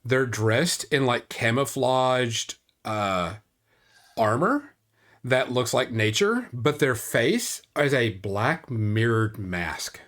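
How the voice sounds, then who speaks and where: Brief: relaxed male game master narrating a tabletop scene at a slow pace. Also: medium pitch. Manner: casual, drawn-out storytelling.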